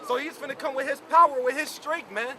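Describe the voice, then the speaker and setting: A man with an extremely high, fast voice preaches outdoors on a street, with crowd noise around him. He comments on scripture emphatically and repetitively, leaning again and again on "man" and "you know."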